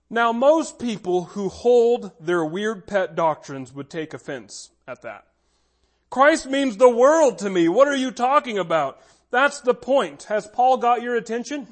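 A man preaching with a notably high voice, pressing his points hard. He slows down on the words he wants to land and speeds up through his asides. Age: adult with a child. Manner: emphatic, slows down to stress key words. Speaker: pastor. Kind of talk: sermon.

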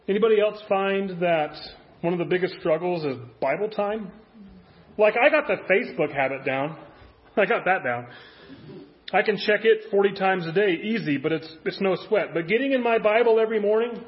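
A man's voice: high voice, highs cut off. A man preaching a conversational sermon as a pastor, full of rhetorical questions.

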